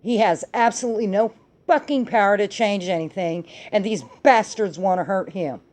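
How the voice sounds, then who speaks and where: A middle-aged woman hosts a political talk show, her voice dark and mellow. She rants with heated anger and swears freely as she argues her points. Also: medium pitch, normal speed. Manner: angry, profane ranting. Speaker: podcast host.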